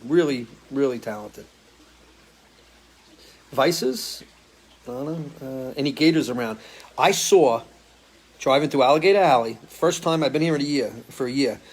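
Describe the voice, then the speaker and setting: Casual musician chatting with viewers. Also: male voice, mid-range voice. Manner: loose, swears freely, talks in restarts. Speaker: musician hosting a live stream Q&A. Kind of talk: casual chat answering viewer comments. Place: home, living in Florida.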